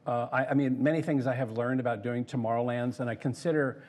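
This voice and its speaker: In a relaxed interview, a former theme park designer, now an older man, rattles off anecdotes quickly in a mid-range voice. He brings them to life by performing other people's lines.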